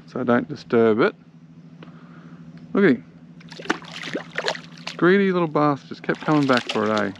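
An Australian man giving excitable, chatty commentary while fishing from a small boat on a creek, talking to the fish he catches. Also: mid-range voice, creaky, lo-fi sound, background noise. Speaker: angler filming his own fishing trip. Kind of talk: casual fishing vlog commentary.

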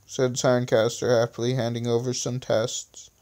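A man reads his own story aloud into a phone, his voice smooth and clean and sitting at a middle pitch. He often trips over words and starts again, and he breaks off for self-mocking asides. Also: flat delivery, normal speed, a little mellow. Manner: self-deprecating, stumbles and restarts often. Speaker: reader of his own stories. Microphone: phone screen recorder.

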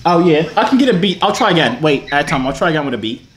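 A man's voice: a little high, expressive, fast talker, a bit bright, soft background music. A young man chatting with strangers over a phone video app, in a goofy, teasing, rambling way. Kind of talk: casual video chat. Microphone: phone on a video chat app. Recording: echoey room, noisy video call.

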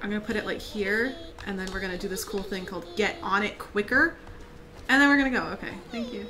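A woman streamer giving live let's-play commentary, excitable and reactive, laughing, yelping, swearing freely and talking to the game characters. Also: mid-range voice, fast. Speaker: gaming streamer.

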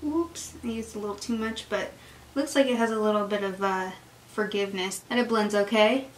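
Gushing as she applies her makeup, a female beauty vlogger talks through a get-ready-with-me video at a moderate pace. She has a mid-range voice, and the room sounds echoey with a faint hiss of noise.

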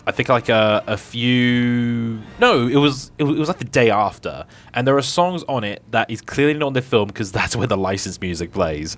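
A man's voice: medium pitch, lively intonation, moderate pace, hardly any pauses, fairly bright tone. A man hosting a casual podcast chat, often laughing and restarting his sentences. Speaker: podcast host.

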